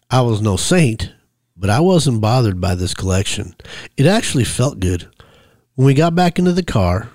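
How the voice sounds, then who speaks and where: A man reading his own story in the first person, measured and commanding when he voices himself. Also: on the low side, mellow, dry recording, clean studio sound. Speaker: memoir narrator.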